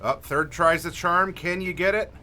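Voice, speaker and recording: A man hosting a livestream as game master, friendly and unhurried, asking chat for dice rolls and pausing with fillers. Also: sits high, bright, forceful tone, slight background noise. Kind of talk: livestream character creation, talking to chat.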